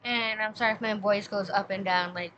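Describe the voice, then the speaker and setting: A woman's voice: mid-range voice, steady tone, brisk, pushed and bright. A woman streamer chatting casually and rambling with fillers, her breath short from asthma. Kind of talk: casual live-stream chat. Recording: slightly dull lo-fi mic, faint noise.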